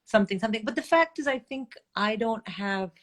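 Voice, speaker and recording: A middle-aged woman from India, telling candid stories as a guest in a casual chat, animated and blunt, swearing freely. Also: on the high side, a little fast. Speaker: guest comedian.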